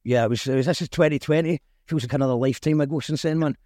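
A man's voice: a little high, very fast, a little mellow, no echo, studio quality. A Scottish man hosting a casual chat show, interviewing a guest and reading viewer comments aloud. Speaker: podcast host.

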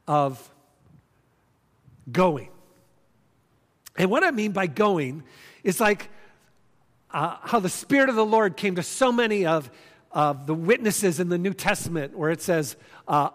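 Unhurried and lively in intonation, a man in his fifties with a high-pitched, fairly bright voice preaches as a pastor. He tells stories earnestly and conversationally, repeating things for emphasis. Long hall reverb is audible.

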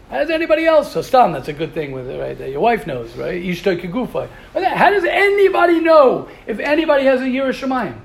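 A man's voice: high voice, expressive, brisk. A man giving a passionate, informal Torah talk as a yeshiva rabbi, often repeating words and restarting.

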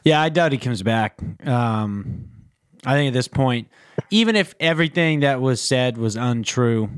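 A man's voice: medium pitch, a little slow, clear, resonant tone, dry recording, studio quality. Laid-back man hosting a sports podcast. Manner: relaxed, rambling, filler-heavy. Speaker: podcast host. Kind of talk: casual sports chat.

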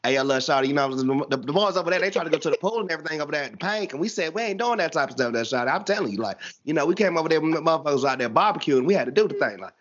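A man's voice: on the high side, lively intonation, fairly bright tone, highs cut off. A man putting on a slurring Atlanta Southern guy. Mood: rambling. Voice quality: slurred, rushed delivery. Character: stereotypical Atlanta Southern man, laid-back, rambling.

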